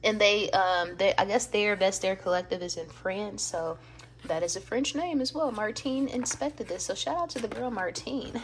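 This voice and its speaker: Excitable woman with vocal fry. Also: medium pitch, normal speed. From Atlanta, US South. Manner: gushing, excitable, swears freely. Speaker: vlogger. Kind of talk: casual vlog chat.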